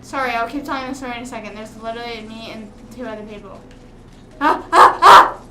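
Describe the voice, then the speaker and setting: A woman's voice: a little high, fairly even intonation, racing, background noise. A young woman streaming live, chatting casually and telling a rambling story with quoted back-and-forth while she games. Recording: roomy room with music playing.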